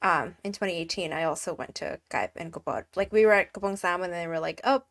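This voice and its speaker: A woman's voice: on the low side, a bit bright. A woman co-hosting a podcast on a video call, chatting casually with many "like"s and ready laughs. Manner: chatty, quick to laugh, leans on "like". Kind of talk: casual chat.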